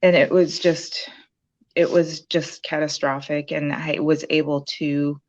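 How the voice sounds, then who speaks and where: A woman with a low voice recounts her experience in a relaxed interview. She rambles with many "um"s and restarts. The sound is dull and lo-fi, like a call. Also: measured pace. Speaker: program graduate sharing her story. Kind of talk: casual interview testimonial.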